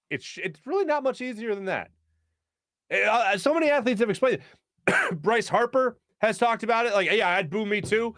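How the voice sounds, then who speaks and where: Lively high-voiced male sports talk host. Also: clear, resonant tone, no echo, clean studio sound. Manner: animated, joking, laughs often, fired-up opinions. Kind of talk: casual sports talk show, reading viewer comments. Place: studio.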